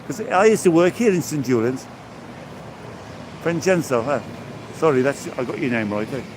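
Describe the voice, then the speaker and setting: A man's voice: mid-range voice, expressive, normal speed. Guy in his 60s from england rambling to his live viewers while walking the seafront, traffic noise behind. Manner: chatty, rambling, greets viewers by name. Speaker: vlogger live-streaming a walk. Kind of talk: casual chat to live viewers. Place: outdoors on a seaside promenade, walking.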